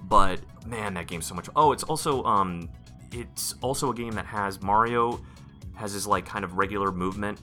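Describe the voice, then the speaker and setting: A man co-hosting a podcast in casual chat, excitable and rambling, restarting his sentences often. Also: on the low side, normal speed, faint music behind. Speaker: podcast co-host.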